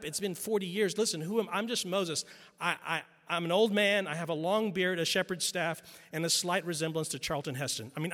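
A man's voice: sits high, fairly bright tone, pitched above the performer's own voice. Man doing stammering old Moses. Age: older. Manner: stammering, pleading, halting. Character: weary old male prophet, stammering, self-doubting. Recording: long reverb in a large hall.

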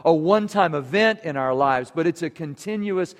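A man's voice: fairly high pitch, lively intonation, moderate pace. Man preaching in a reverberant church. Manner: earnest preaching with emphatic rises. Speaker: pastor. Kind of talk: sermon. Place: church sanctuary.

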